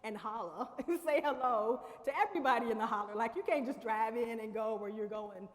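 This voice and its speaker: A woman's voice: on the high side, a little fast. Chatty woman in a chapel. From Lexington, Kentucky. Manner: conversational, laughs often, addresses audience directly. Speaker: convocation speaker. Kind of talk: storytelling speech. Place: large chapel. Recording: long reverb of a chapel hall.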